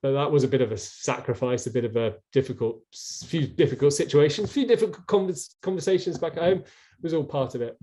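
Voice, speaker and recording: A man's voice: a little high, a little fast, warm tone. A middle-aged man, a former rower, telling his story earnestly as an interview guest, with many restarts, over a video call.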